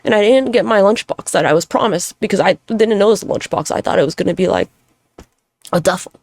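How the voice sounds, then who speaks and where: A woman's voice: mid-range voice, fast, darkish tone, no echo. A woman hosting a solo podcast monologue, talking in a candid, rambling, profane way with self-deprecating humor. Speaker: podcast host.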